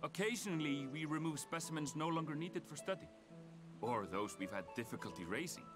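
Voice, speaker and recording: A courteous male gleaner who catches and returns creatures, voiced by a man. He speaks in a polite, measured way with a fairly high, lively pitch. Faint game music plays underneath. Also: lightly acted. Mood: explaining. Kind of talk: voiced video game dialogue.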